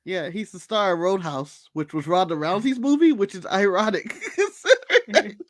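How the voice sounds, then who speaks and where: A man's voice: high voice, normal speed, no echo. A man from the United States co-hosting a podcast, joking, mimicking people and laughing as he recaps wrestling. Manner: animated, joking, mimics people and laughs at his own bits. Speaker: podcast co-host. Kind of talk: casual wrestling recap chat.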